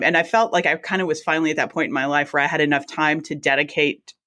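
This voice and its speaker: A woman, a guest telling her career story in a chatty, animated way and acting out her own reactions. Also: low voice, fast talker. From South Mississippi. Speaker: guest, anesthesiologist assistant. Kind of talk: casual storytelling interview.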